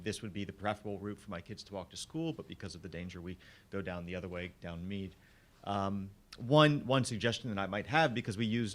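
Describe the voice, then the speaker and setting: A man, a new resident, giving a polite and measured public comment with a constructive suggestion. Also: deep voice. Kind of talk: public comment at town meeting.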